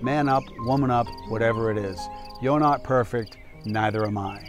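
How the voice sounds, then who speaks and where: A man's voice: mid-range voice, normal speed, music in the background. A man in his fifties, a doctor and public speaker, telling a personal cautionary story in an emphatic, candid, conversational way.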